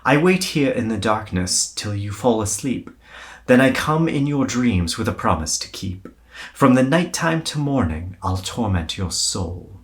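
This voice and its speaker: A man voicing another man who slowly recites a dark poem to himself in a British accent. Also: lowish voice, expressive. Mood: eerie.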